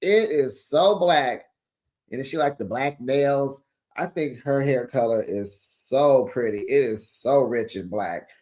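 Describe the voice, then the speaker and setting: A man's voice: medium pitch, takes it slowly, darkish tone. A man hosting a reality TV recap, telling the gossip in a sassy, chatty way and calling his viewers honey, child and besties. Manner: calls listeners honey and child.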